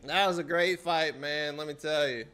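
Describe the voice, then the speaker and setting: A man's voice: a little high, fairly even intonation, moderate pace, a bit bright. A young adult man streaming a game live, trash-talking and teasing his chat with a lot of swearing. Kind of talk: live-stream gameplay commentary.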